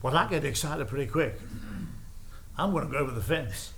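A man's voice: mid-range voice, expressive, brisk, fairly bright tone, slight background noise. A man preaching a sermon, driving his points home with repeated phrases and casual asides. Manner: emphatic, repetitive preaching cadence with asides.

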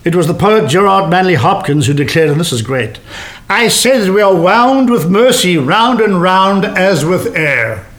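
A man preaching a sermon to a congregation, with animated delivery that slows down for emphasis. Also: sits high. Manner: animated, varied delivery with slowed emphatic phrases. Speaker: pastor.

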